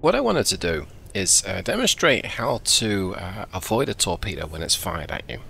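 A man's voice: on the low side, very animated, normal speed, vocal fry, pushed and bright, slight background noise. A man casually commenting on his own submarine gameplay, chatty and self-deprecating, thinking aloud. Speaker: game video host.

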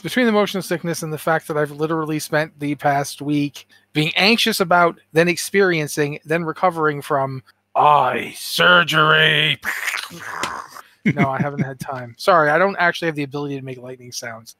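A man with a bright, fairly high voice throws dry, joking asides into a casual gaming podcast chat. The sound is dry and close. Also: fairly quick, few pauses, no echo. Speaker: podcast co-host.

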